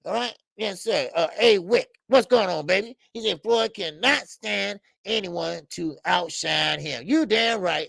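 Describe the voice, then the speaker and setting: Animated gravelly man on a boxing stream. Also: high voice, no echo, clean studio sound. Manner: animated, profane, acts out quotes, talks to chat. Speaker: boxing show host. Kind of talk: live-stream commentary chat.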